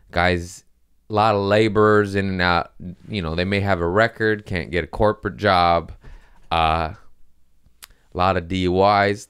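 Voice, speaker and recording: Podcast host, man, low and smooth voice, loose rambling storyteller. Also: fairly bright tone. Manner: rambling, laid-back, swears. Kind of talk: casual storytelling chat.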